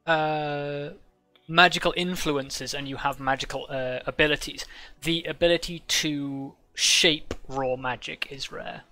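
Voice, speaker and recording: A man narrating as game master of a tabletop game, his voice bright and slightly high. He explains rules and sets scenes, pausing on fillers. Faint music sits in the background. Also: steady tone.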